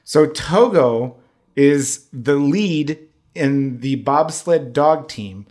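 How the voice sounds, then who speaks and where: A man's voice: fairly high pitch, animated, drawn-out words, a little mellow. Rambling, hesitant man in casual chat. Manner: rambling, hesitant, with many fillers.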